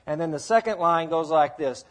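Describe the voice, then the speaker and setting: A man teaching a Bible passage to a congregation in a slow, deliberate way, asking the listeners to repeat words after him. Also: a little high. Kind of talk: teaching sermon with sing-along.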